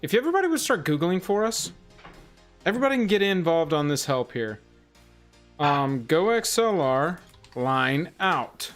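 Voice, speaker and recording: A man's voice: a little high, very animated, normal speed, fairly bright tone, faint music behind. A man co-hosting a casual livestream, talking someone through an audio setup and hyping up the show with joking, announcer-style flourishes. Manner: playful, joking, announcer-like hype. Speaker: livestream co-host.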